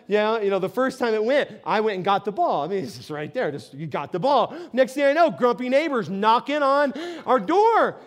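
A middle-aged male pastor preaching a sermon in a conversational, storytelling way, often tossing in "right?" to the congregation. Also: sits high.

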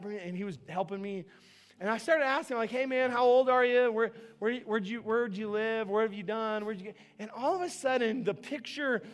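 A man pastor preaching a sermon to his church, telling a personal story in an emphatic, conversational way. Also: high-pitched.

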